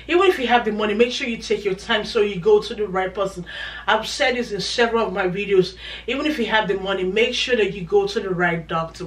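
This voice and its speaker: A woman talks straight to her viewers in a chatty, emphatic way and circles back to repeat her points. Her voice sits some distance from the mic. A noticeable room echo surrounds every word. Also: mid-range voice. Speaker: vlogger. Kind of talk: casual chat to camera.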